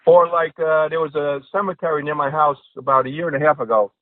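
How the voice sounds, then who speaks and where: A man's voice: fairly high pitch, fast, no echo. A man, a stand-up comedian, telling jokes in a casual podcast chat and acting out the characters in them. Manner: animated storyteller acting out joke characters. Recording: tinny phone-like line.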